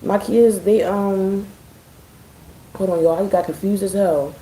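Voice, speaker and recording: A chatty woman talks straight to her viewers in a mellow, warm voice, swearing freely with dry sarcasm. Her voice carries a roomy echo, like a live stream from home. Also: medium pitch, steady tone, unhurried. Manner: chatty, profane, addressing viewers as y'all. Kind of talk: casual live-stream chat.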